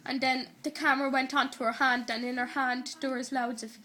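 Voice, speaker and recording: A woman's voice: high voice, flat delivery, fairly quick, sharp tone. A woman with an Irish accent casually retelling a TV episode to someone filming her, stringing events together with "and then" and "like" and giggling along the way. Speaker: person retelling a TV episode to camera. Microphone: handheld camera recording.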